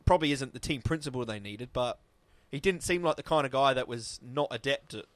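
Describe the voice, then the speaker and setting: A man's voice: medium pitch, a little fast, a bit bright, dry recording. A man, co-hosting a casual podcast chat, talking at length in a rambling, loose way and swearing casually. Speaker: podcast co-host.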